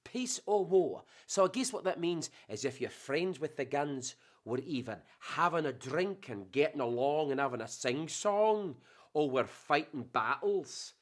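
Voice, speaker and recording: Animated, slow-talking New man. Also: a little high. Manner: playful, animated, rambling. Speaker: host. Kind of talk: casual chatty monologue.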